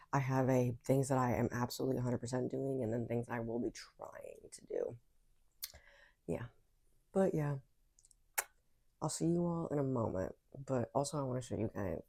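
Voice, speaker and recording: A woman's voice: very deep voice, warm tone. A woman chatting casually in a book vlog from her room at home, rambling with lots of fillers and asides, and bothered by hiccups. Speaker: book vlogger. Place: bedroom at home.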